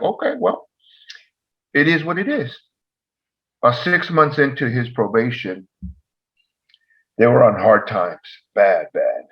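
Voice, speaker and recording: A man's voice: medium pitch, a little slow, pauses often, breathy edge, muffled recording. A man who used to be a probation officer tells a story in casual conversation, acting out the dialogue with energy. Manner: animated, acts out dialogue in the story. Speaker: podcast co-host, former probation officer.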